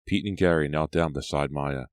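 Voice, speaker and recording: A man narrating an audiobook in a steady storytelling voice. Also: extremely low pitch, moderate pace, no room sound. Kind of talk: scripted narration.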